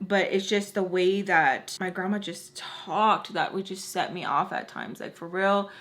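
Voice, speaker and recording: A woman in her twenties telling a personal story to her viewers, animated and frank with casual slang. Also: lowish voice. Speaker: storytime vlogger.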